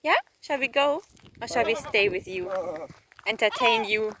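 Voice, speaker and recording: A woman's voice: on the high side, expressive, a little slow, crowd noise. A woman with a playful, teasing, sing-song manner chatting to a seagull outdoors by the sea, with frequent giggles. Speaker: vlogger filming a seagull. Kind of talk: playful talk to an animal. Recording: noisy outdoor recording.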